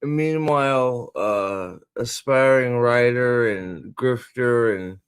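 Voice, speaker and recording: A man's voice: mid-range voice, slow, clear, resonant tone. A man hosting a livestream, rambling and joking with hesitant fillers. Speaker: streamer host. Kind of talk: casual livestream chat.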